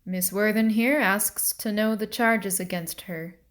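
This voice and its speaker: A woman's voice: mid-range voice, steady tone, close to an everyday voice. A woman reading a stern male mill agent. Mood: formal. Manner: formal, measured, questioning.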